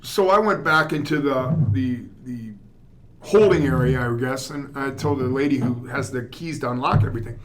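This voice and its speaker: A man, a guest actor, telling a story in a relaxed, rambling way on a podcast. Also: medium pitch, normal speed. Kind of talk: casual storytelling chat.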